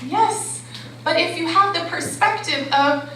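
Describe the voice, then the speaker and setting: Woman, life coach, motivational talk, forceful bright tone, conversational, very echoey hall. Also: very high-pitched, measured pace. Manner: conversational, keeps checking in with the crowd. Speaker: life coach and conference speaker. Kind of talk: motivational talk to a live audience. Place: conference hall. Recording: very echoey hall with faint background noise.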